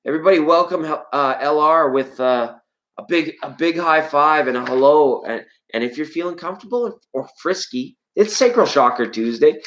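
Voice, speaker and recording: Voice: normal speed, low-quality recording. Rambling, playful live tarot stream host. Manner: greets and answers viewers from chat; pitch leaps up suddenly when excited. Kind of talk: live-stream chat with viewers.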